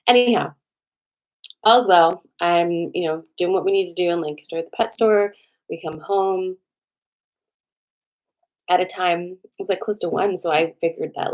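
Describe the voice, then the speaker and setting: A woman host telling a personal story to viewers in a casual, animated way, with a lot of swearing and "like" fillers. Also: on the low side.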